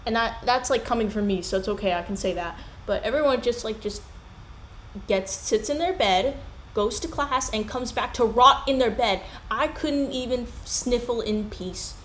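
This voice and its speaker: A young woman in casual commentary chat, rambling and animated as she drifts from one tangent to the next. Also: a little high, normal speed. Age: young adult. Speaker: commentary YouTuber. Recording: echoey room with faint hiss.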